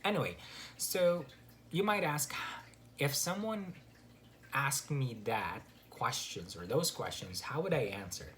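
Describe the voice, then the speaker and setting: A man giving a casual spoken English lesson, relaxed and full of fillers and restarts. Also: medium pitch, unhurried, a little hiss or hum. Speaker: English teacher. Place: Canada.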